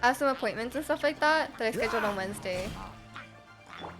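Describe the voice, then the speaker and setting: A woman's voice: a little high, expressive, fast talker, music in the background. A woman streaming a game, chatting casually and giggling, rambling with lots of fillers. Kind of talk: casual chat while gaming.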